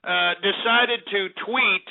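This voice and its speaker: A man's voice: high voice, takes it slowly. A man hosting a radio show, delivering an angry, profane, sarcastic rant. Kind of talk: ranting talk radio monologue. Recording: tinny phone-line internet radio.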